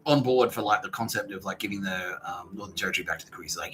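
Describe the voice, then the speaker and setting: A man's voice: sits low, quick pace, pushed and bright, slight background noise, low-quality recording. An Australian man in a profane, rambling podcast monologue, acting out what other people said. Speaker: podcast host.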